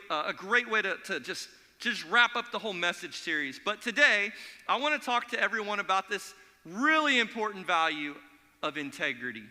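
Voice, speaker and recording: A man preaching a sermon as pastor, telling stories in an energetic, conversational way. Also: sits high. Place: church sanctuary. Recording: long hall reverb.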